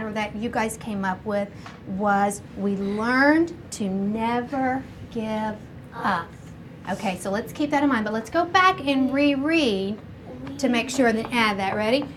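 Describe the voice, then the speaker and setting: A woman teaching a first grade class, slowly sounding out words and encouraging the children. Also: fairly high pitch. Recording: noisy classroom recording.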